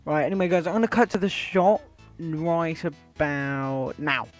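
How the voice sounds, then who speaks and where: A young British man hosting a gaming video, talking brashly to his viewers and his opponent. He swears freely, trash-talks, and has a slightly high voice. Faint music plays behind him. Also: unhurried. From Britain. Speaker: gaming YouTuber host. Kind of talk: gaming commentary with an online opponent.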